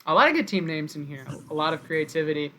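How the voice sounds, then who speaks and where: A man's voice: a little high, animated, fast talker, sharp tone. A man hosting a live stream, casually announcing picks and thanking viewers over an online call. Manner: upbeat play-by-play, thanks viewers. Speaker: host announcing draft picks.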